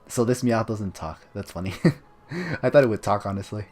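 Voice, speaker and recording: A man's voice: on the low side, brisk, darkish tone. A man giving casual let's-play commentary, offhand and rambling with joking asides. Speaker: gameplay commentator.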